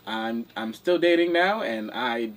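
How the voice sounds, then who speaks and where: A man's voice: mid-range voice, lively intonation, unhurried. A man in casual chat, rambling and self-mocking, laughing often.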